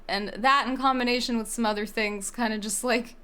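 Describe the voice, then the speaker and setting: A young woman commenting on a game as she plays, rambling, cursing and cutting herself off mid-thought. Her voice sits fairly high and her talk is casual and loose. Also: fairly even intonation, a little fast, bright, forceful tone, clean tone. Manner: swearing, rambling, self-interrupting. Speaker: let's-play streamer.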